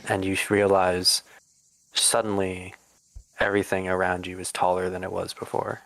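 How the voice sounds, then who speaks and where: A man narrating a tabletop game as game master, descriptive and pausing. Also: low-pitched, completely flat delivery, gravelly, a bit bright, dry recording, rough recording.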